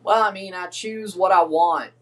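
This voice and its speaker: A man's voice: high-pitched, normal speed, fairly bright tone, recorded from a distance. Chatty man, slightly off-mic. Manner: rambling, chatty, reads lineups aloud. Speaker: streamer hosting a watchalong. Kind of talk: casual live reaction chat.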